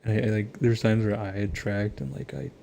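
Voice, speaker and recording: A man's voice: lowish voice, steady tone, brisk, vocal fry, a little mellow, a little hiss or hum. A young man chatting casually to his viewers about his gaming, loose and profane, laughing often and rambling with lots of restarts. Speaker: gamer talking to viewers.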